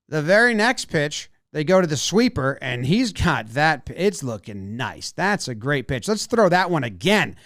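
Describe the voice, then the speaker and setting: Brief: high, bouncy male sports analyst, dry close mic, playful. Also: very animated, moderate pace, hardly any pauses, fairly bright tone, no room sound. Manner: playful, acting out the players. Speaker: baseball video analyst. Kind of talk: animated commentary over game footage.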